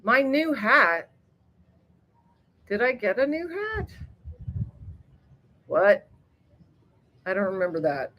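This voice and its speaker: A woman hosting a casual live chat, rambling freely, laughing often and greeting viewers by name with sudden excited bursts. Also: fairly high pitch, slow pace, long pauses, poor audio. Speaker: livestream host reading viewer chat.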